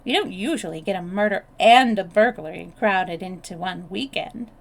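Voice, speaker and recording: A woman voicing an excitable, blunt young Englishwoman who talks briskly. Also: mid-range voice, vocal fry. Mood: excited.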